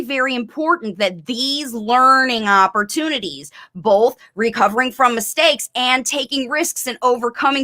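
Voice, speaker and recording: A middle-aged woman, a speech therapist hosting a live coaching stream, talking quickly and emphatically to parents. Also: fairly high pitch, sharp tone. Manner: fast, emphatic, encouraging. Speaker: speech-language pathologist host.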